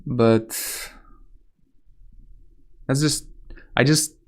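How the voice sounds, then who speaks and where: A man's voice: mid-range voice, fairly even intonation, extremely slow. A young man from Russia with a light Russian accent, chatting casually on a live stream, rambling and correcting himself often. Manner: rambling, hesitant, self-correcting, casual swearing.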